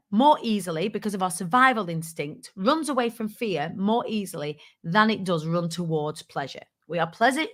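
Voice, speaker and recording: Woman host, bright and forceful tone, candid and playful, drops the odd swear word in motivational chat. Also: on the high side. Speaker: host of a business tips show. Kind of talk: casual motivational talk to a live audience.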